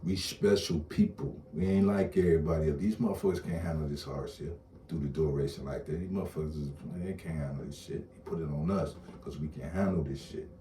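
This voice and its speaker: Man, very deep, mellow, blunt profane rant, roomy echo. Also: fairly quick, a little hiss or hum. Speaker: online commentator. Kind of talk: casual rant to camera. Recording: roomy echo, distant mic, faint ambience.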